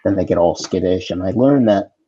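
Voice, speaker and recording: A middle-aged actor telling casual behind-the-scenes stories as a talk show guest, with animated storytelling. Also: male voice, low-pitched, a little fast, slightly rough, highs cut off. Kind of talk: casual anecdotes on a video call talk show.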